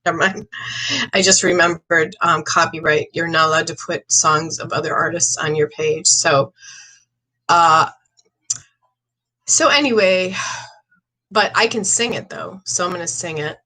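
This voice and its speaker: A woman's voice: sits low, unhurried, long pauses, pushed and bright, low-quality recording. An older woman talking casually to her viewers, rambling and chatty and a little emotional. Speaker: vlogger. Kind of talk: casual chat to camera.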